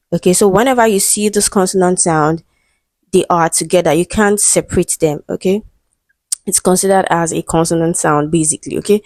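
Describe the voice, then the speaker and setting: A woman with a Nigerian English accent tutors English for an exam, speaking in a somewhat low voice. She is patient and steady, checking in with "okay" and "right". The sound is dry and close, with no room echo. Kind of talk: explaining English exam questions.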